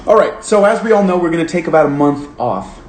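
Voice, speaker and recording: A man's voice: fairly high pitch, expressive, fairly quick, a little mellow. A man hosting a book club over a phone livestream, casual and earnest, rambling with lots of "like". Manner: rambling and earnest, heavy use of "like". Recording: roomy with faint hiss.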